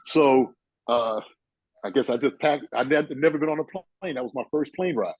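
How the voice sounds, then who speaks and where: A man's voice: mid-range voice, moderate pace, no room sound, muffled recording. A man in his sixties from New York, a guest telling rambling stories full of "you know" and "uh". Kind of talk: casual storytelling chat.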